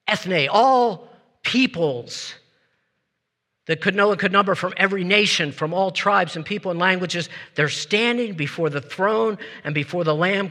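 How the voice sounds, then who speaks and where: A man preaching a sermon as pastor, talking in a lively, conversational way and leading his congregation in call-and-response. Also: high-pitched. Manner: lively, conversational, laughs between points. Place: church sanctuary with congregation. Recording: long hall reverb.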